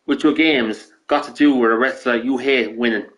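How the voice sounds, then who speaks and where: A man's voice: medium pitch, steady tone, a little fast, hardly any pauses, a bit bright, low-quality recording. Rambling, foul-mouthed Irish man. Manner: rambling, swears a lot, restarts sentences. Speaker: gaming streamer. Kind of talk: casual ranting chat.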